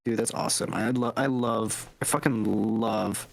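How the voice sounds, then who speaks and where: A man's voice: fairly low pitch, fairly even intonation, moderate pace, gravelly. A young man co-hosting a casual movie review podcast, rambling and swearing freely. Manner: rambling, swears often, acts out scenes in funny voices. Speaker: podcast co-host.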